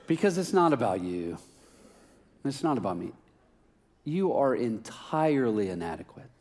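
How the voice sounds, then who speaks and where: A man's voice: medium pitch, normal speed. A middle-aged man preaching a sermon, telling a personal story with self-mocking humor and acting out the dialogue. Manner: animated, self-mocking, acts out dialogue with rising laughter.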